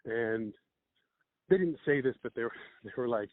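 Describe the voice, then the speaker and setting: A man, an improv comedian and teacher, telling stories in casual chat and acting out quick quotes. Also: medium pitch. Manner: animated storyteller with quick acted-out quotes. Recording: dry, phone-like narrow sound.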